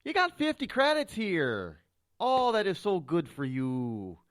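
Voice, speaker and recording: This is a patronizing college admissions official with a thick Minnesota accent, as a radio host puts it on. The voice is pitched up and drawn out in a lilting, sugary way. Each "dear" sounds sweet and condescending. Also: male voice, huge pitch swings, measured pace, smooth, no room sound, studio quality, heavily acted. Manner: syrupy, patronizing, calls you dear.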